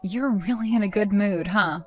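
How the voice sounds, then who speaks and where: A woman in a dramatized story, speaking as a wronged fiancée, calm, cold and accusing, over faint music. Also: mid-range voice, normal speed. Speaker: wronged fiancée telling her side.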